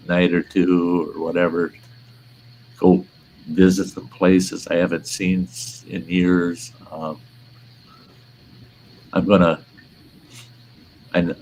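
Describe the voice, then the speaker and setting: A man's voice: deep voice, slight background noise, low-quality recording. An older man hosting a casual livestream chat, telling stories in a blunt, profane way. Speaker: host.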